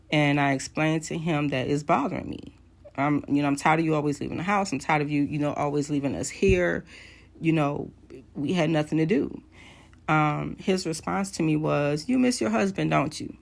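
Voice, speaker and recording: A woman around forty tells a personal story to camera in a candid, conversational way. Her voice sits fairly low, with a gravelly vocal fry. She pauses on hesitant fillers as she goes. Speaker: vlogger.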